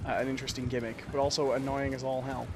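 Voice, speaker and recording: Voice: medium pitch, level tone, quick pace, over loud music. A stream co-host chatting casually in a hesitant, filler-heavy way. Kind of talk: casual live-stream chat.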